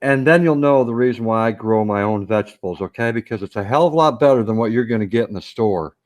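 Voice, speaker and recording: A plain-spoken man chatting on a casual live stream, enthusiastic and down to earth. His voice sits in an ordinary middle pitch, and he keeps checking in with his listeners as he talks. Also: fast talker, a little mellow. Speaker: co-host.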